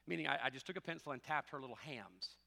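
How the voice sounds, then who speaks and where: A middle-aged man preaching a sermon as pastor, shifting between loud, driving preaching and quiet, joking asides. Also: medium pitch, animated, fast, creaky, in a large hall. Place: church sanctuary.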